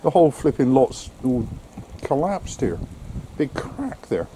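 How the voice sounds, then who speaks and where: Mid-range, dark-toned, and sing-song, this vlogger's voice moves at a measured pace while he walks through rain and then drives. He grumbles breathlessly and swears mildly in exasperation, over a little hiss or hum.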